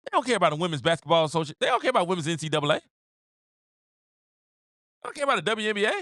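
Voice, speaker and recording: A man's voice: high-pitched, sing-song, racing, bright, forceful tone, no echo, studio quality. A man hosting his own show, giving opinionated casual commentary, repeating phrases for emphasis and acting out quotes. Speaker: podcast host.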